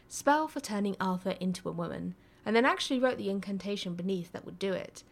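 A woman reading a story aloud in a calm, soft manner, sometimes dropping to a near whisper. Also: mid-range voice. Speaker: reader. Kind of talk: reading fan fiction aloud.

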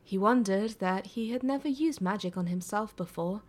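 Woman narrator for a story reading, calm and soft, easing into near-whispers at times. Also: medium pitch, normal speed. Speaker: reader. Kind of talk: reading fan fiction aloud.

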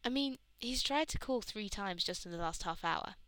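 A woman's voice: medium pitch, animated, moderate pace, fairly bright tone, clear, resonant tone, no echo, natural voice. A woman doing a sensible young woman doctor. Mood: matter-of-fact.

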